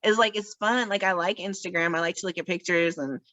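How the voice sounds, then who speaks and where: A woman with a fairly low voice chats on a podcast, self-mocking and quick to laugh. The sound is close and dry, with no room around it. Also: fairly even intonation, pushed and bright, dry recording, muffled recording. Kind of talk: casual chat. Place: podcast recording.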